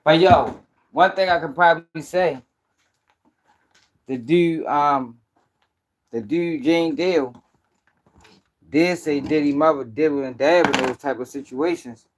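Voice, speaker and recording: A tired young man hosting a late-night livestream, chatting with viewers in a casual, profane, animated way. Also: a little high, unhurried, long pauses. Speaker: livestream news commentary host.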